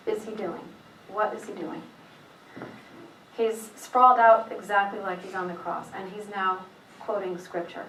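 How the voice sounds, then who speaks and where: A middle-aged woman telling a personal faith story in a rambling way, halting often with fillers and restarts. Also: medium pitch, fairly bright tone, slight background noise. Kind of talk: personal testimony, casual retelling. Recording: echoey room, voice from a distance.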